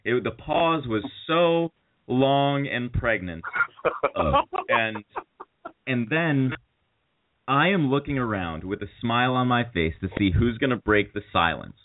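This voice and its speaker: A man's voice: mid-range voice, animated, measured pace. A man hosting a podcast, telling a story in a rambling way and laughing as he goes. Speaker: podcast host. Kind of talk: casual chat, storytelling. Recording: tinny phone-like sound.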